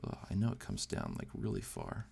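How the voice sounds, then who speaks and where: A man's voice: a bass voice, wildly swooping pitch, a little fast, vocal fry, a little mellow, a little hiss or hum. A man chatting casually as he draws, thinking aloud and poking fun at his own attempts. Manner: thinks aloud, unsure and self-deprecating. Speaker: amateur artist hosting a drawing channel. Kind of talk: casual rambling while drawing.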